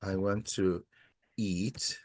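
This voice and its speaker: A man teaching a Spanish class in a classroom, patiently prompting students, praising their answers and pausing often with "uh". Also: low-pitched, steady tone, darkish tone, no room sound, clean studio sound. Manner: hesitant, many "uh" pauses. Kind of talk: classroom language lesson.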